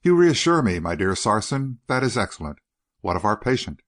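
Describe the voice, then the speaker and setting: A man's voice: on the low side, sing-song, normal speed. Guy putting on a purring creepy old uncle, sugary and sly, voice swoops up and down. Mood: satisfied.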